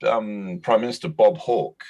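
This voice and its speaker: A man's voice: on the low side, measured pace, darkish tone. A man from Cornwall with a Cornish accent, chatting as an interview guest and telling stories with lots of energy. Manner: chatty storyteller, puts on voices in anecdotes. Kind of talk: casual video-call chat.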